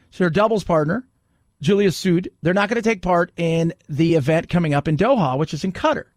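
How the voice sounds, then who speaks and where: A man's voice: sits high, no room sound, clean studio sound. A man hosting a talk radio show, delivering an opinionated monologue with sarcastic, mocking asides.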